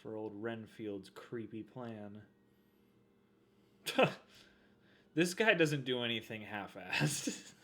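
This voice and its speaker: A man's voice: medium pitch, slow pace, long pauses, sharp tone. A man co-hosting a casual movie watch-along, joking, laughing often and reading the title cards aloud in hammy voices. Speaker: co-host of a movie reaction channel.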